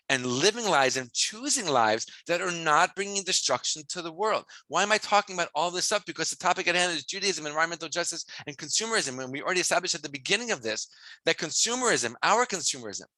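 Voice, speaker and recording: A man teaching as a rabbi, in a lively way, full of rhetorical questions. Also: a little high, no echo, rough recording. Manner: animated, asks many rhetorical questions.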